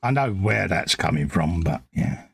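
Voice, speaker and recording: A man's voice: low-pitched, lively intonation, normal speed, creaky, husky, dry recording, clean studio sound. A middle-aged man with a London accent, telling wry stories in a casual chat while building models. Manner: wry storytelling, quotes his wife in put-on voices. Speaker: co-host of a model-building stream.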